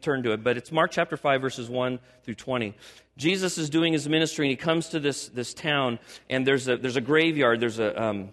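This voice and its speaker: An older man, a pastor, preaching a sermon with animated storytelling that builds to emphatic exhortation. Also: medium pitch, big-room sound.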